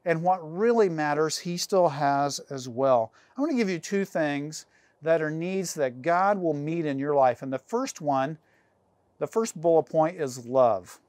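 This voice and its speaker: A man's voice: fairly high pitch, lively intonation, a little slow, darkish tone, dry recording. A middle-aged man preaching a sermon as a pastor, earnest and emphatic, with rhetorical questions.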